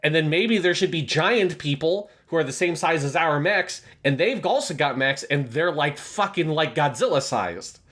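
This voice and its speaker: A man's voice: a little high, animated, normal speed, few pauses, fairly bright tone. A man co-hosting an anime review podcast in casual chat, rambling with enthusiasm and swearing now and then. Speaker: podcast co-host.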